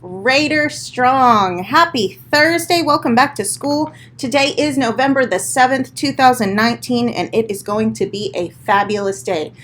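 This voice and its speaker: A school principal, a woman, reads the morning announcements in an upbeat, encouraging way, speaking directly to the children. Her voice is a little high and a bit bright, at normal speed with hardly any pauses.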